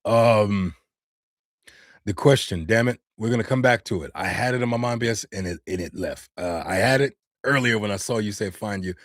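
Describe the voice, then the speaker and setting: A man's voice: fairly low pitch, moderate pace, dry recording, studio quality. An American man and voice actor chatting casually on a live stream, answering viewer comments with loose slang. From United States. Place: home studio.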